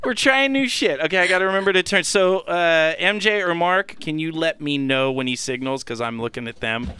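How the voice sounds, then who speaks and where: A man's voice: a little high, expressive, fairly quick, pushed and bright, slight background noise. A man co-hosting a podcast, telling raunchy stories with frequent laughs and bursts of goofy singing. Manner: bawdy, laughs often, breaks into goofy sung bits. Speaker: podcast co-host. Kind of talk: casual banter and storytelling.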